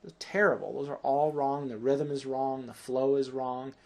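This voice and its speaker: A man's voice: mid-range voice, steady tone, moderate pace, vocal fry. A man teaching a grammar lesson, explaining patiently and checking in with "right?" after each point.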